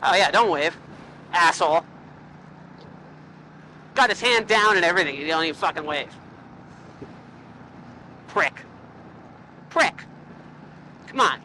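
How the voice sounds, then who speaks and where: A woman's voice: fairly low pitch, normal speed, long pauses, sharp tone, a little hiss or hum, low-quality recording. A woman riding a motorcycle, joking and swearing through casual ride commentary into a helmet mic. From Canada. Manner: joking, profane and rambling. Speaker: motorcycle vlogger. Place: outdoors riding a motorcycle on country roads.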